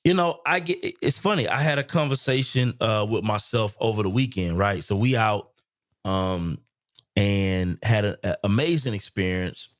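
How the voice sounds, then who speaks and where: Low-voiced reflective man hosting a podcast. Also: normal speed, no echo, clean studio sound. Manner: reflective, searching for words with many restarts. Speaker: podcast host. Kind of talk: casual podcast conversation.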